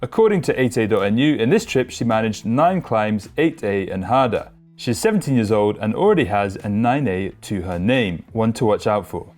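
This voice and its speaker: A man's voice: on the low side, animated, normal speed, hardly any pauses, darkish tone, soft background music. Easygoing man co-hosting climbing news. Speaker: co-host of climbing news show. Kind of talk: news show banter and read reports.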